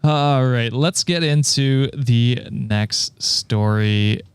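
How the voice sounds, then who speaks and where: A man hosting a podcast who reads a story aloud at a steady pace and laughs easily in the chat between passages. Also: mid-range voice, very slow, clear, resonant tone, no echo. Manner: steady reader, laughs often between remarks. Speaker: podcast host reading stories. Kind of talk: reading aloud and casual chat.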